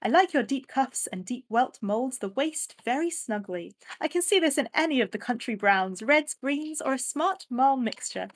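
A woman's voice: sits high, lively intonation, moderate pace, hardly any pauses, voice pushed up. A woman voicing a posh, plummy 1930s English society lady who gives fashion advice. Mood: gushing. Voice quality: plummy, affected.

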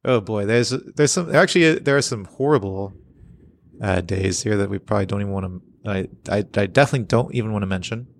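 A man's voice: fairly low pitch, a little fast, creaky. A man co-hosting a casual podcast, reading comic strips aloud and laughing often. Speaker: podcast co-host. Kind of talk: casual chat.

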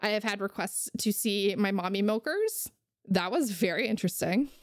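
A woman's voice: medium pitch, lively intonation, normal speed, dry recording, studio quality. A young woman co-hosting a casual podcast, ranting heatedly and swearing freely. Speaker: podcast co-host.

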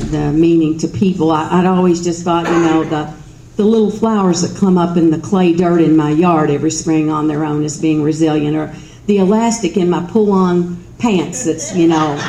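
A middle-aged woman with a Kentucky Southern accent tells stories at an event in a chatty, self-mocking way. Her voice is low and mellow. The sound carries the roominess of a hall, with a faint hum of ambience underneath. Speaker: speaker at an event. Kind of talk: storytelling speech.

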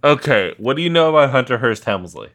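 A man co-hosting a comedy podcast, talking in casual, profane banter and laughing often. His voice is bright and ringing, and his pitch swings widely as he tells a story. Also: lively intonation, fast talker. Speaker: podcast co-host.

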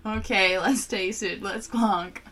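A woman co-hosting a casual chat, playful and quick to laugh, swearing freely while tasting a beer. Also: medium pitch, steady tone, fairly bright tone.

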